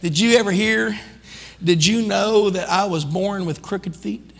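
High, bright-voiced preacher in a reverberant church. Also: male voice, a little slow, creaky. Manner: impassioned preaching that builds to shouting; calls out to the congregation. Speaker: pastor. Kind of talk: sermon. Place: church sanctuary.

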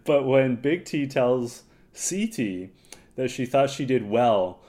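A man's voice: mid-range voice, animated, slow pace, a little mellow. A man co-hosting a podcast, chatting casually and bluntly about a reality show and laughing often. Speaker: podcast co-host.

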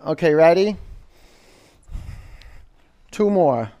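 Speaking a little slowly in a fairly high voice, a male yoga instructor coaches a live studio class. He calls out the poses, counts the holds down out loud, and teases and jokes with the group.

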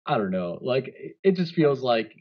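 A male podcast co-host with a mid-pitched voice rambles through casual chat and leans on filler words. His mic sounds dull and lo-fi. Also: very animated, normal speed.

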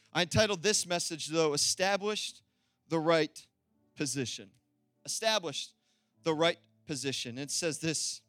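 A man preaching a sermon as pastor, animated and emphatic, calling out to the congregation for an amen. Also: on the high side, dry recording.

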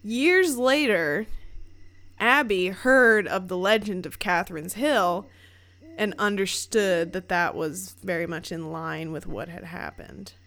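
A woman's voice: lowish voice, slow pace, a bit bright. A woman telling ghost stories in casual podcast chat, with frequent fillers and free swearing. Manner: chatty, swears freely, many fillers like "like".

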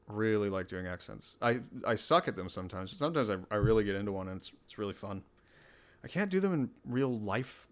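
Alone on his podcast, a man chats casually, rambling and poking fun at himself. His voice is lowish with a fairly bright tone.

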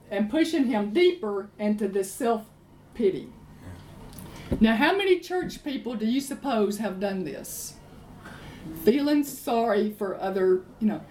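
A woman preacher, giving a sermon in an emphatic, animated storytelling way. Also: fairly high pitch, slight background noise. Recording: roomy echo, faint ambience.

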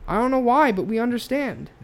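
A man co-hosting a casual podcast swears freely while telling a story with rising feeling, animated and profane. His voice is very high-pitched and a little fast.

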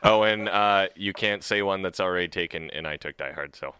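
A man hosting a casual podcast chat, laughing often and filling pauses with "like" and "uh". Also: deep voice, sharp tone, clean tone, no room sound. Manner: laughs often, many fillers like "like" and "uh".

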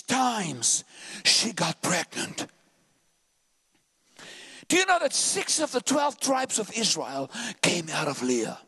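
A male preacher in full flight, his voice sitting very high and leaping all over the place. The tone is bright and forceful, and he shouts through passionate stretches, alternating quick bursts with slow, drawn-out lines. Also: sing-song, breathy edge. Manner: impassioned, frequently shouting; swings between rapid bursts and slow drawn-out phrases. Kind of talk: sermon.

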